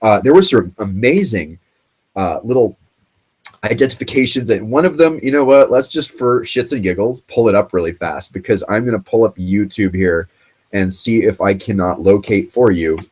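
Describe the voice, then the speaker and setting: A man hosting a late-night talk show in a loose, rambling monologue, full of fillers and restarts. His voice is husky and sits fairly low, and he sounds choked up and tearful throughout. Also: lively intonation, moderate pace, a little mellow. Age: grew up in the 1980s. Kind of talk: casual monologue.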